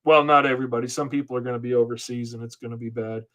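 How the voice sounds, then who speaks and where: Talking rapid-fire in a medium-pitched, fairly bright voice with fairly even intonation, a man hosts a live comic-inking lesson. He chats casually, rambling self-deprecatingly as he works and responds to viewers.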